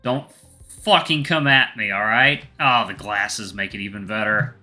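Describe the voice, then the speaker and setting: A man, a gaming channel host, reading a visual novel aloud in soft first-person narration with crude asides. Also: fairly low pitch, steady tone, measured pace, faint music behind.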